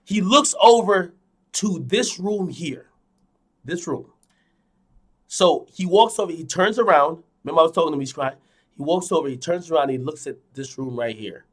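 A young man streaming, telling a dream to his viewers in a casual, animated way, swinging from loud to hushed, repeating phrases and swearing a lot. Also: a little high, a little fast. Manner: frequent fillers and profanity. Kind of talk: casual storytelling to a live audience.

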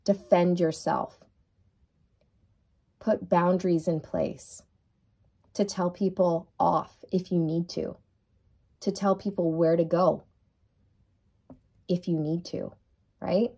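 A woman's voice: fairly low pitch, fairly even intonation, takes it slowly, vocal fry, long pauses, warm tone, husky. A woman reading tarot cards for viewers, speaking in a soothing, affirming and repetitive way. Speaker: tarot reader.

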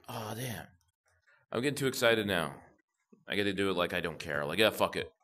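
A young man talks through his gameplay and swears freely, reacting to every moment. His voice sits very low, but it swoops widely up and down as he gets worked up. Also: fast. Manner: profane, excitable, talks to himself while playing. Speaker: gamer channel host. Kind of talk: gameplay commentary.

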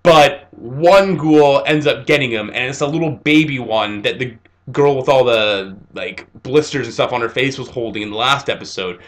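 A young man reviewing an anime episode, retelling scenes in a casual, animated way with fillers. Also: mid-range voice, moderate pace.

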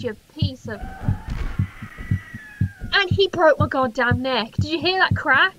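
A young woman giving profane, jokey commentary while playing a horror game, reacting loudly. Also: high voice, lively intonation, slow, long pauses. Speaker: gaming channel host. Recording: humming noisy home recording.

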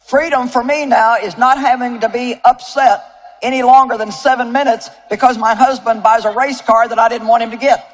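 A woman in her seventies preaching a sermon to a live audience, telling a story in a folksy, animated way with asides to the crowd. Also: a little high, moderate pace. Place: large auditorium with audience.

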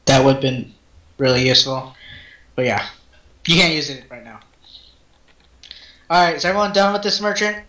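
A man acting as game master, narrating and explaining rulings to his players in a brisk, matter-of-fact way. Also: a little high, bright, forceful tone. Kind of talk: narrating a tabletop game over voice chat. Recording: roomy echo.

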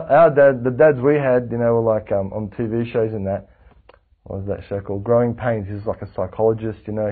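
A man, teaching a religious class with lively rhetorical questions to his students. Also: mid-range voice, husky. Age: 40s. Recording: tinny lo-fi lecture recording.

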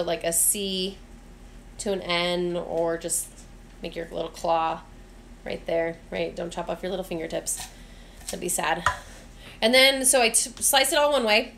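A woman who vlogs and teaches cooking gives a casual, chatty demonstration in her home kitchen, mixing instructions with friendly asides. Her medium-pitched voice is fairly bright, with a little hiss or hum.

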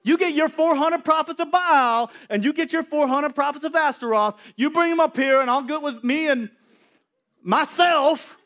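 A man voicing a bold, defiant male prophet in a sermon, loud and taunting. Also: very high voice, moderate pace, pitched above the performer's own voice. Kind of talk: sermon with acted-out scenes.

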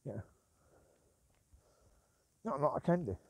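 A man with a medium-pitched, expressive voice and some vocal fry keeps a measured pace in a dry recording. As a vlogger walking his dogs outdoors at night, he rambles, grumbles, and repeats himself.

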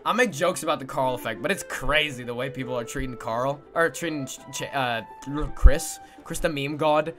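A sleep-deprived man from Canada, chatting with his livestream viewers in an excitable, swearing way with sudden yelps. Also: mid-range voice, moderate pace, hardly any pauses, faint music behind. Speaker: streamer. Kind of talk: livestream chat reading viewer messages.

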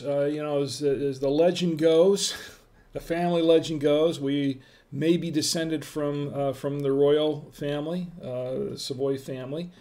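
A middle-aged man with a slightly high, mellow voice hosts a casual wine tasting on a live stream, chatting with viewers in the chat and greeting them by name.

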